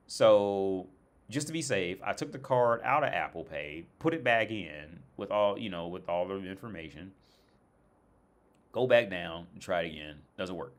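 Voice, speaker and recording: A man's voice: low-pitched, lively intonation, normal speed. Profane, exasperated American man ranting. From United States. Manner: profane, exasperated storytelling with many restarts. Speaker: streamer. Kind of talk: casual rant.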